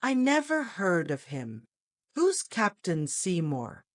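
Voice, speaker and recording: A woman plays an emphatic, forceful American police chief in a storybook reading. His lines jump up high and wide, full of triumph and surprise. The sound is dry and close. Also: wildly swooping pitch, takes it slowly, dry recording, exaggerated voice.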